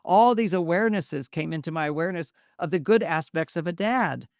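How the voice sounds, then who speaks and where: An older man speaks as an interview guest, his voice sitting a little on the high side as he shares personal stories. His delivery is earnest and confiding, and he often circles back and restarts a thought. The sound is dry and close, with no room echo. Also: brisk, creaky. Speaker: guest relationship expert. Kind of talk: reflective personal storytelling.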